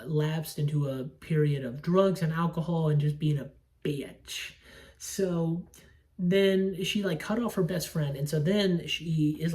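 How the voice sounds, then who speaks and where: A woman's voice: lowish voice, darkish tone. Rambling, profane young woman, slightly distant. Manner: rambling, profane, self-interrupting. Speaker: podcast host reviewing movies. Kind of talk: casual solo movie talk. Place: at home.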